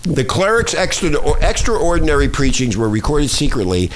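A foul-mouthed male talk-show host, his somewhat high voice leaping up and down as he rants. He rambles through news items out loud, cursing and stumbling over unfamiliar names. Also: very animated, moderate pace, a little hiss or hum. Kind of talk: profane talk-radio rant reading news aloud.

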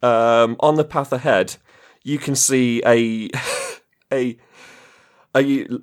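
A man's voice: medium pitch, fairly even intonation, slow pace, smooth. Play a chuckling man running a tabletop game. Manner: playful, chuckling narration. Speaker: game master.

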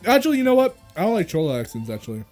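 A young man guesting on a podcast, cracking deadpan jokes in crude casual banter. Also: high voice, racing, soft background music.

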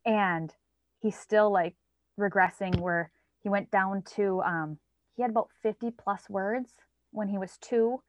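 In a measured, mid-range voice, a woman in her thirties chats as a parent guest about her child, frequently raising her voice to play out quoted lines. The sound is dry and slightly dull, carrying a little hiss or hum.

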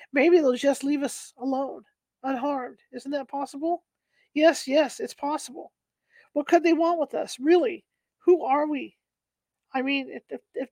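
A woman's voice: sits high, darkish tone, dry recording. A woman voicing a frightened woman stranded in the desert, pleading and anxious.

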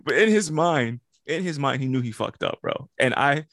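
A man's voice: medium pitch, lively intonation, moderate pace, a bit bright, no room sound, studio quality. A man co-hosting a podcast, telling a story in casual chat, acting out the quotes and laughing often. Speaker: podcast co-host.

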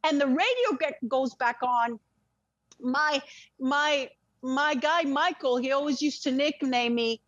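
A woman's voice: sits high, unhurried, fairly bright tone, dry recording, dull audio. A woman telling an emotional personal story as a podcast guest. She speaks intensely and frankly, swears freely, and often restarts her words.

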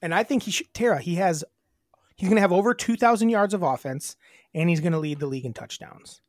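A woman with a low voice co-hosts a casual podcast. She rambles bluntly through crude stories and acts out her own lines. The sound is dry and close. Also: quick pace, darkish tone, dry recording. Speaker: podcast co-host. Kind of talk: casual chat.

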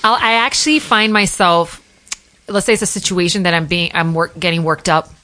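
A woman from the US Northeast hosts a podcast in casual chat. Her voice sits a little low, and she tells stories quickly and with animation. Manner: fast, animated storyteller. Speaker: podcast host.

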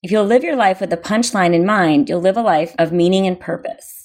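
A woman co-host reads a book chapter aloud at an even, steady pace. Her voice sits a little low. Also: fairly quick.

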